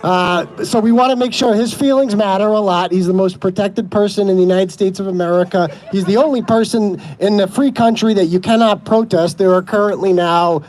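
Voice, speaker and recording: A man's voice: high-pitched, a little fast, hardly any pauses, a little mellow. A man giving an impassioned, sarcastic speech at an outdoor street protest. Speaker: protest speaker.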